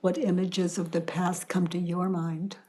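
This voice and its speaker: An older woman facilitating a self-inquiry session, calm and deliberate, often dropping to a whisper. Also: fairly low pitch, husky. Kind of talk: slow guided inquiry dialogue.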